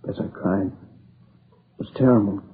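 An actor playing a shaken, exhausted young man who talks in halting restarts, near tears, in a 1950s radio crime drama. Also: lowish voice. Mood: grief-stricken. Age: young adult. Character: shaken young man, grieving survivor of a robbery. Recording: tinny lo-fi old broadcast with hiss.

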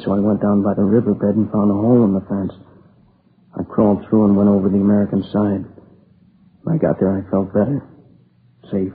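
An actor playing a shaken, exhausted young man who talks in halting restarts, near tears, in a 1950s radio crime drama. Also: on the low side, lightly acted. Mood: weary, shaken. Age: young adult. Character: shaken young man, grieving survivor of a robbery. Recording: tinny lo-fi old broadcast with hiss.

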